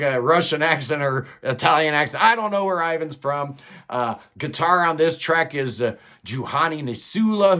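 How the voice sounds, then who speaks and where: Chatty man reviewing an album, higher voice. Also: a bit bright. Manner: rambling, enthusiastic, many fillers. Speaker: music reviewer.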